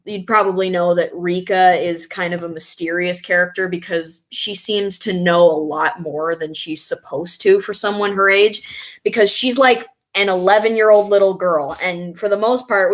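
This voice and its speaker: Excitable chatty woman streamer. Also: medium pitch. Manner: excitable, chatty, laughs often. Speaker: streamer reading viewer chat. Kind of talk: casual live-stream chat.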